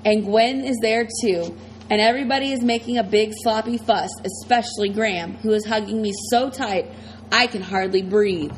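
A woman's voice: mid-range voice, normal speed, a little hiss or hum, low-quality recording. Woman narrating a tense story. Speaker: audiobook narrator. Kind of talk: first-person scripted narration.

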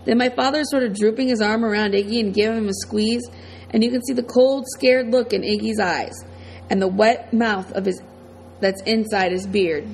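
A woman's voice: mid-range voice, steady tone, normal speed, a little mellow, a little hiss or hum, poor audio. Woman narrating an audiobook. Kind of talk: first-person audiobook narration.

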